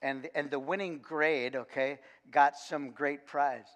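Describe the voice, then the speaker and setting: A man, a coach, giving a sermon in a church and telling a lively, funny story with frequent restarts. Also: on the high side, slow. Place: church sanctuary. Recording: long church reverb.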